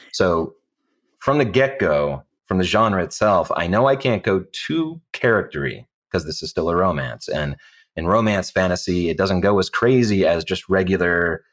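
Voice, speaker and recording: A guest audiobook narrator, a man, talks through his process aloud. His voice sits low. He is eager and chatty and walks through each step as he goes. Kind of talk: thinking aloud on a roundtable.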